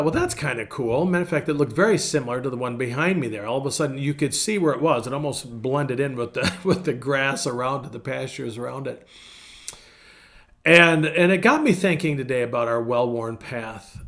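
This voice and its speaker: A man's voice: mid-range voice, pushed and bright. Man, pastor, casual devotional talk, folksy storyteller, repeats lines for emphasis, mid-range voice. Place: indoors in front of a virtual path background.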